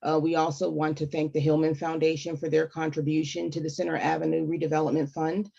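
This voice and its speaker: A man speaking at a board meeting over a video call, quick and friendly, readily correcting himself. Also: a little high, monotone, creaky, mellow. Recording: dull video-call audio.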